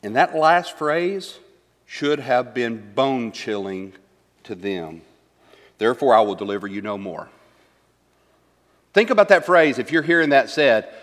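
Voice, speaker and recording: A man leads a Bible study and reads scripture aloud between questions to his class. His voice sits a little high and swings widely in pitch. A long reverb hangs after every phrase. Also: very animated, normal speed.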